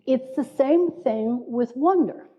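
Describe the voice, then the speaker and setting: A woman's voice: high-pitched, lively intonation, slow pace, highs cut off. A woman minister giving a playful sermon in a church, inviting the congregation to repeat words with her. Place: church sanctuary.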